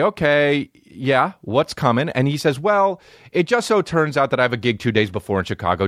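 A podcast host with a medium-pitched voice tells a rambling comic story full of swearing and restarts. He's animated and profane throughout. The sound is clean studio audio with no echo.

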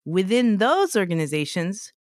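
A woman's voice: mid-range voice, big pitch swings, normal speed, dry recording, studio quality. A woman hosting a podcast, telling a story in a loose, conversational way and laughing easily between points. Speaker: podcast host. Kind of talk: casual podcast chat and storytelling.

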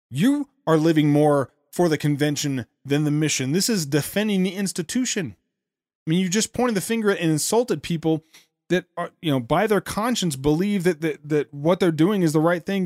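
A man hosting a show talks through a speech clip with an indignant, sarcastic edge. He often repeats words when he gets worked up. His voice sits a bit high, and the sound is close and dry. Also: darkish tone, dry recording. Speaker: podcast host. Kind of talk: critical commentary on a speech clip.

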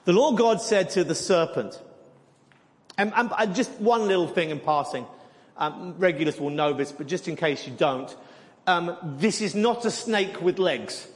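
Guy preaching a sermon, high voice, big echoey church hall. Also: unhurried. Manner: animated teaching with repeated words. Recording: long hall reverb.

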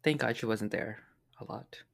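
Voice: mid-range voice, moderate pace, gravelly, fairly bright tone. Teasing sarcastic chatty co-host. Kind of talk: casual chat.

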